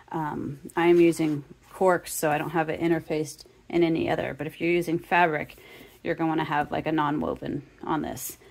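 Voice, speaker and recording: A woman's voice: sits low, vocal fry, a little mellow. A woman teaching a sewing tutorial, casually talking the viewer through each step. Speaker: sewing instructor.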